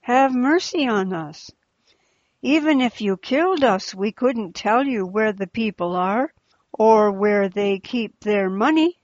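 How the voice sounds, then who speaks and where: A woman voicing a gentle, devout male preacher who speaks earnestly, in a slightly muffled recording. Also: medium pitch, expressive, slow, dry recording. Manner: pleading, earnest.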